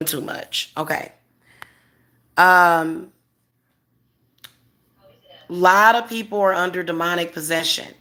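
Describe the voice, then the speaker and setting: A woman's voice: on the low side, takes it slowly, pauses often, sharp tone. A woman hosting a casual livestream as a spiritual reader, talking straight to her viewers in an emphatic, repetitive way and chuckling often.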